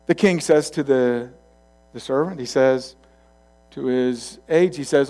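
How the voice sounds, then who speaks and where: A man's voice: medium pitch, unhurried. Conversational male pastor preaching. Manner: conversational storytelling, swings from loud to quiet asides. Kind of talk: sermon.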